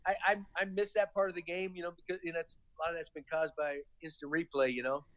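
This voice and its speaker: A middle-aged man with a gentle Southern accent, a former baseball manager telling stories as a podcast guest, rambling with lots of restarts and "you know.". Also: fairly high pitch, flat delivery, fast, dry recording, poor audio. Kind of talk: casual interview talk.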